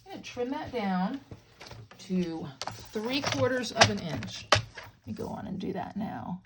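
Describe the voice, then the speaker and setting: A woman's voice: medium pitch, expressive, unhurried, heavy background noise. A middle-aged woman hosting a crafting tutorial, chatting playfully with viewers as she demonstrates and jokes along the way.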